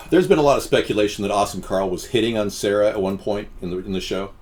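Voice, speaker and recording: A man's voice: lowish voice, brisk, darkish tone, a little hiss or hum. A man hosting a casual live stream, rambling and answering chat comments with frequent restarts.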